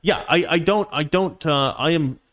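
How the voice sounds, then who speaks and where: A man's voice: on the high side, normal speed, fairly bright tone. A man hosting a home livestream, reading viewer messages and giving opinionated commentary that rambles and restarts often. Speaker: live stream host.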